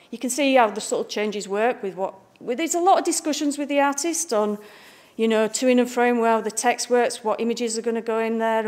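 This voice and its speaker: In a library event room, a woman gives an informal public lecture to a live audience, keeping it chatty and full of jokes. She's a picture book art director from Bradford with a Northern English accent, and her voice is a little high and darkish in tone.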